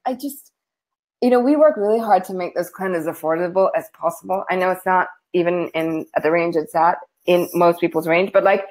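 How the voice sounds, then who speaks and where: A woman's voice: lowish voice, brisk, darkish tone, low-quality recording. A woman hosting a casual livestream chat, talking in a chatty, rambling way with frequent laughs. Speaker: host.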